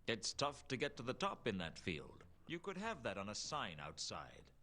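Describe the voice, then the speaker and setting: An actor playing a world-weary private detective, delivering dry, deadpan wisecracks in hard-boiled game dialogue. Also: male voice, lowish voice, moderate pace, full character voice. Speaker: noir detective narrator.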